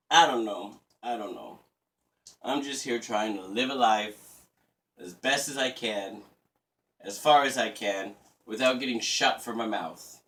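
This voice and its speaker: A man's voice: lowish voice, a little slow, a bit bright. A man in his thirties ranting casually in a crude, profane, rambling and sarcastic way. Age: 30s. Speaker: vlogger. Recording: voice a bit distant from the mic.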